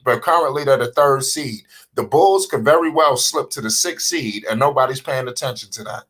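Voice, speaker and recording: A man hosting a casual live sports talk show, animated and profane, often asking whether the listener understands. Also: medium pitch, moderate pace.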